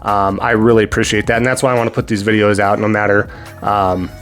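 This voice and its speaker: A man with a sick, hoarse voice hosts a gaming channel, giving rambling casual commentary on new games, full of fillers and thanks to viewers. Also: lowish voice, flat delivery, quick pace, a bit bright, faint music behind.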